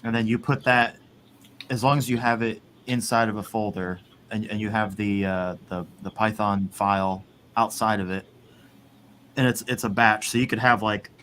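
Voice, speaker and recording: Casual male podcast host, low voice, rambling delivery, slight noise floor. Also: steady tone, moderate pace, a bit bright. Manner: rambling, swears, laughs often. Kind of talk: casual chat.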